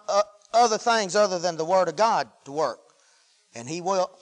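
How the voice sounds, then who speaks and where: High-voiced fervent preacher. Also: male voice. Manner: fervent, rising and falling with hallelujahs. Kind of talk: sermon.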